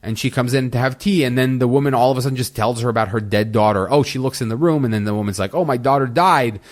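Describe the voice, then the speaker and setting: A man's voice: mid-range voice, fairly even intonation, fast talker, darkish tone. A man hosting a solo review podcast, talking casually and rambling with frequent restarts and exasperated asides. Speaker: podcast host.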